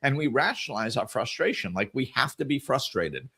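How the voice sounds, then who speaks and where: A man's voice: medium pitch, very animated, a little fast, pushed and bright, breathy edge. A middle-aged man hosting a podcast, giving an earnest reflective monologue on scripture and the inner life, often repeating and correcting his words as he goes. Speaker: podcast host.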